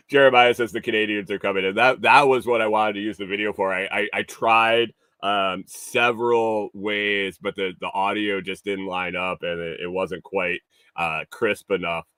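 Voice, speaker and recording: Male livestream host, lowish voice, loose and profane, laughs a lot, dry close-mic sound. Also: fairly even intonation, a little slow, sharp tone, clear, resonant tone, no room sound. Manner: profane, laughs often, rambling with restarts. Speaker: livestream morning show host. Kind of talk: casual chat reading viewer comments.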